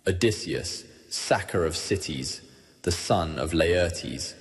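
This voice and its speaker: A man's voice: deep voice, lively intonation, slow, big-room sound, voice pushed down. A man voicing a boastful Greek hero who declaims his taunt proudly.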